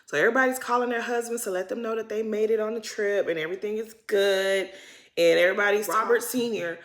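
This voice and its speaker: A woman recapping a reality TV episode in a loose, slangy, opinionated way. She talks like she is chatting with friends and laughs often. Her voice sits at a middle pitch. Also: fairly even intonation, fast. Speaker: recap host. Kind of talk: casual reality TV recap commentary.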